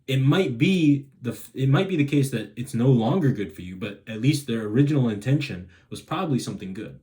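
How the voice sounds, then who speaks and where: Brisk and expressive, a man with a dark, mid-range voice gives a casual advice monologue in a self-help video. He rambles, restarts his sentences and often asks "right?".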